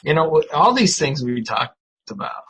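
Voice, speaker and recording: A man's voice: fairly high pitch, sing-song, moderate pace, fairly bright tone, a little hiss or hum, rough recording. A man talking as a podcast guest in a casual chat, easygoing and supportive. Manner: supportive, easygoing, laughs along.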